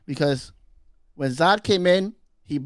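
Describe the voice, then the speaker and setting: A man's voice: a little high, takes it slowly, dry recording, studio quality. Rambling, laughing man co-hosting a podcast. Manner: rambling, repeats himself, laughs a lot. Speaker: podcast co-host. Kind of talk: casual chat.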